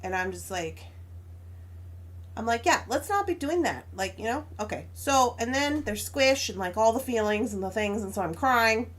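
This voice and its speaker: A woman's voice: a little high, animated, moderate pace, fairly bright tone. A young adult woman chatting casually as a crafting stream host, telling a story with frequent laughs and acting out both sides of an argument.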